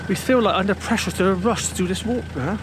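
On a windy coastal footpath, a walking vlogger chats casually to camera while climbing a steep stretch, a little out of breath. His voice is high-pitched and fairly quick, with background noise in the recording.

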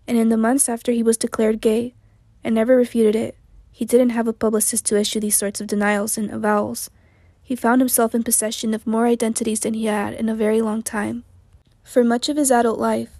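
A hoarse woman narrating an audiobook in a measured, even literary reading. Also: on the high side, no echo.

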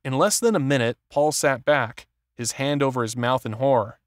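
In scripted audiobook narration, a man reads steadily and with measure in a mid-range voice. The recording is clean studio sound with no room echo.

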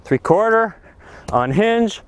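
A man giving an energetic golf lesson on a practice range, talking with excitable enthusiasm and breaking into exclamations. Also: high voice, takes it slowly, noisy background. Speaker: golf instructor.

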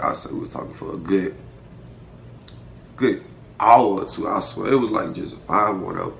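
A young man telling a casual story to the camera, animated and profane, breaking into laughter. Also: deep voice, vocal fry, slight background noise. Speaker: vlogger. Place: indoor room, seated before camera.

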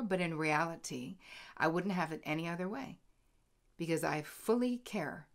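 Candid woman telling a story, lowish voice. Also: normal speed. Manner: candid and animated, acting out both sides of an argument. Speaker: host. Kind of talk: casual storytelling monologue.

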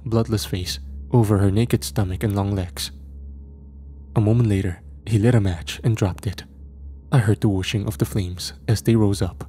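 A man reading a first-person horror story as scripted narration, in a measured, grim storytelling manner. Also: on the low side, dark tone.

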